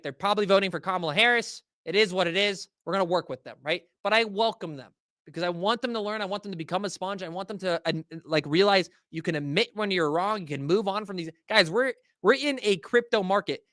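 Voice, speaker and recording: A man's voice: high voice, fairly bright tone, no echo, clean studio sound. A man hosting a livestream, ranting casually and profanely to his chat in slangy talk. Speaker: host. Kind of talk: livestream market rant.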